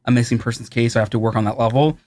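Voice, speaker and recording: Fast-talking man, dry close sound. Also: medium pitch, fairly even intonation, darkish tone, dry recording. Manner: rapid, repetitive storytelling with many restarts. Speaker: psychic medium. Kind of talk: casual podcast chat.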